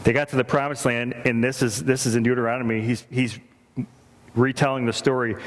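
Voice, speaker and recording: A man's voice: mid-range voice, flat delivery, a little fast. A man preaching a sermon, earnest and repeating phrases for emphasis. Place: church sanctuary. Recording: reverberant church hall.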